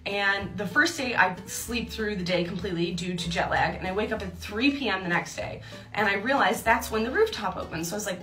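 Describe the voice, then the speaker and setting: A woman's voice: medium pitch, brisk, a bit bright, echoey room. A young woman telling a personal story in a chatty way, laughing often and acting out her own thoughts. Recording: distant mic with faint music.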